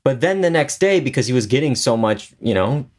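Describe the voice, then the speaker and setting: A man's voice: mid-range voice, fairly quick. Rambling man co-hosting a podcast. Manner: animated, exasperated retelling with many fillers. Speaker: podcast co-host. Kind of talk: casual chat.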